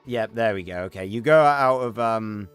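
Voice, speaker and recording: A man's voice: fairly low pitch, moderate pace, soft background music. Chatty male streamer rambling over gameplay. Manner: chatty, rambling with many fillers. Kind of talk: casual gameplay livestream chat.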